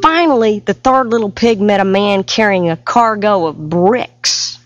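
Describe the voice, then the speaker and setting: A woman telling a fairy tale in a folksy, lively storytelling voice, full of homespun comparisons. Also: medium pitch, measured pace, lo-fi sound. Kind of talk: storytelling to music. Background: loud music.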